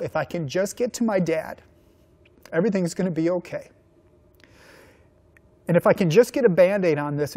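Man, middle-aged, youth minister, sermon, earnest storytelling, slows down for emphasis. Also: a little mellow. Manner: earnest storytelling, dropping low and slow for emphasis.

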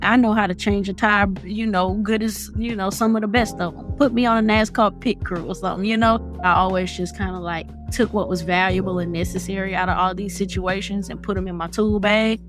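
A woman's voice: medium pitch, fairly even intonation, brisk, few pauses. A woman with a Southern US accent, reflecting in an easygoing, folksy way. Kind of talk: casual reflection. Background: guitar music.

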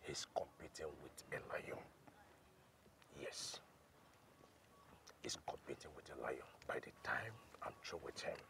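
An actor with a Nigerian accent playing a scheming politician who gloats over a rival, in a film drama. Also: male voice, on the low side, wildly swooping pitch, moderate pace, vocal fry, long pauses, noisy background, heavily acted. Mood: gloating whisper.

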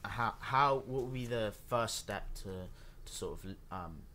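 A man with a fairly low voice co-hosts a casual podcast. He talks in a relaxed, reflective way with many short agreements, and faint noise sits behind him. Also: measured pace. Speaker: podcast co-host. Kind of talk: casual conversation.

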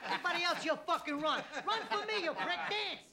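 A man's voice: very high voice, very animated, fast talker. An actor playing a volatile, profane male mobster bullying a young waiter, in film dialogue. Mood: mocking. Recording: film soundtrack with loud crowd. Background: loud crowded bar chatter.

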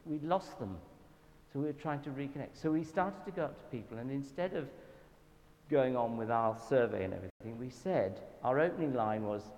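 A man with a Southern English accent giving a church talk, telling anecdotes in a lively, self-deprecating way. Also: mid-range voice, fairly quick, muffled recording. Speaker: guest speaker at a church event. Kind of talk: storytelling sermon talk. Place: church hall. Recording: reverberant hall with faint background noise.

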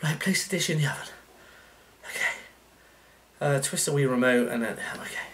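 A man playing a motion-control cooking game, out of breath, swearing and shouting at the controls as he commentates. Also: medium pitch, moderate pace. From United Kingdom. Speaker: gaming YouTuber. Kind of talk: let's play commentary. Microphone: facecam with desk mic. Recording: game music playing behind the voice. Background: game music.

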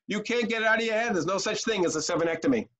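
Energetic man chanting rhymes, dull webinar audio. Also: high-pitched, quick pace. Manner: animated, chanting rhymes, storytelling. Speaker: youth care trainer. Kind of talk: webinar training talk. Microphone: video call.

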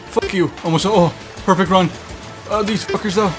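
A young man giving excitable, profane let's-play commentary, talking to the game and its creatures as he plays. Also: high-pitched, moderate pace, music in the background. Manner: excitable, swearing, talks to the game. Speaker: gaming YouTuber.

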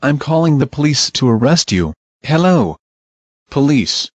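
A man's voice: a little high, sing-song, unhurried, darkish tone, no echo, highs cut off. A man voicing a spiteful male cartoon bear who taunts in blunt, short sentences. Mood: mocking.

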